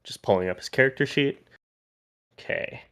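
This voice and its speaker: A man's voice: medium pitch, normal speed, fairly bright tone, clean tone. A man narrating a tabletop role-playing game as game master, in a casual, loose way that thinks aloud.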